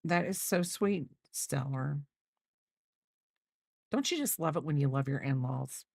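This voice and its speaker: A woman's voice: deep voice, lively intonation, a little slow, gravelly, a little mellow, breathy edge, no room sound. Rambling, chatty middle-aged woman, dry sound. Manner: rambling, chatty, trails off mid-sentence. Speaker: crochet channel host. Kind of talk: casual chat while crocheting, replying to viewers.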